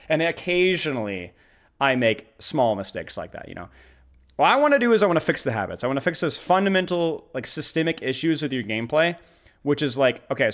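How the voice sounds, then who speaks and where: Hyped up guy coaching a gamer on stream, high voice, swoops all over, repeats stuff a lot. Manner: animated, excitable, talks fast in bursts with repeated phrases. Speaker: game coach. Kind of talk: live-streamed gameplay coaching.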